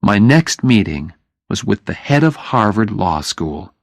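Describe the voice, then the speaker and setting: Male audiobook narrator for a graded reader; low, gravelly, very slow, dry studio sound. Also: very animated, dry recording. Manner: slow, deliberate reading.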